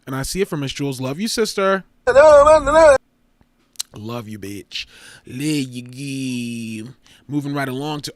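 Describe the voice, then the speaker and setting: Sassy, swearing man reviewing drag looks. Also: no echo. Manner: sassy, swearing, animated with pitch jumps. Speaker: fashion review host. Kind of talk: casual commentary.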